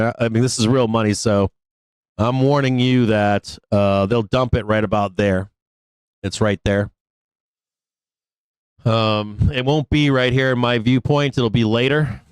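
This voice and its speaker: A man hosting a live stock market show, giving casual trading commentary in a rambling, profane way with many fillers and quick bursts. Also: on the low side, clean tone, no echo, poor audio.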